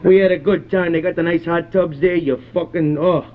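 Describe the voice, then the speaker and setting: Prank call: a man playing a belligerent, swearing rural man in his fifties, high pitched, phone-quality audio. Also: steady tone, moderate pace, lightly acted. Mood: gruff, ranting. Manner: rambling, cursing constantly, belligerent. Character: crude foul-mouthed middle-aged rural man, hot-tempered. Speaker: prank caller.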